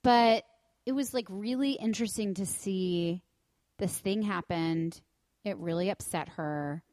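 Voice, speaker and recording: Casting note: thirties woman, podcast co-host, expressive storyteller, mid pitch, dry. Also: measured pace, dry recording. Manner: animated storyteller, acts out quotes, swears. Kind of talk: casual chat.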